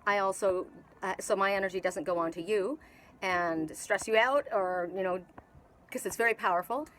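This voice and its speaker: A woman's voice: mid-range voice, normal speed, fairly bright tone, low-quality recording. A middle-aged woman from Canada with a Canadian accent, giving a casual spiritual tarot reading on an outdoor patio and rambling with many restarts and fillers. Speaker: tarot reader.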